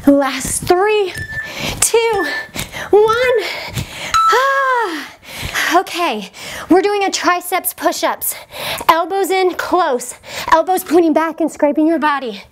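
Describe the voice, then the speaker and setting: Breathless high-voiced woman coaching a workout. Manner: encouraging, breathless cues between exercises. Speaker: fitness instructor. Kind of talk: workout coaching while exercising.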